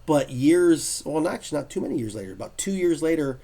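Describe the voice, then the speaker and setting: A man telling stories in a casual podcast chat, lively and acting out the people he quotes. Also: a little high, fast. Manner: lively storyteller, acts out quotes. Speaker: guest artist telling convention stories.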